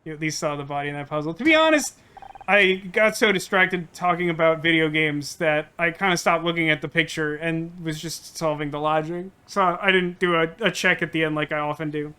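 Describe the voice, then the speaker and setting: Man, let's play commentary, high voice, reads game lines aloud, joking rambling asides. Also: brisk, bright, forceful tone, clean tone.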